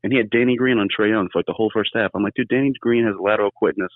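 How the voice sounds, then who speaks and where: Caller: deep-voiced man, quick and rambling, over a tinny dry phone line. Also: dry recording. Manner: rambling, animated storytelling. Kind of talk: casual sports chat.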